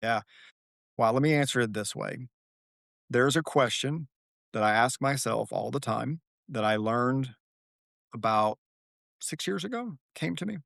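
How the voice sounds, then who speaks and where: A man's voice: medium pitch, animated, measured pace, gravelly, long pauses, a bit bright, no room sound, studio quality. A man, a podcast guest, speaking earnestly and telling his story with a flair for drama, repeating key phrases for weight. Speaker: guest, author and athlete. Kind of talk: reflective podcast conversation.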